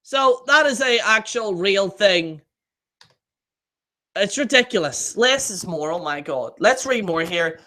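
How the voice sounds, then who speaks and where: A man's voice: sits high, expressive, slow, sharp tone. A man hosting a casual live stream, reading viewer comments aloud, laughing often, swearing freely and trailing off mid-sentence.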